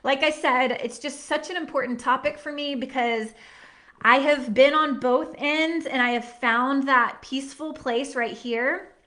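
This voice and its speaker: A woman in her thirties leads a live workshop, her high voice earnest and heartfelt. She talks in a chatty, encouraging way and leans on casual fillers as she goes. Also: fairly even intonation, a little slow, sharp tone. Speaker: workshop host and nutrition coach.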